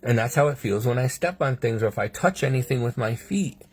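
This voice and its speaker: A man's voice: mid-range voice, animated, a little fast. A man in a hospital room, telling a casual video diary about his treatment, wry and sarcastic, acting out the doctors' lines and his own replies, laughing between remarks. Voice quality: husky. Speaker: patient sharing a hospital update.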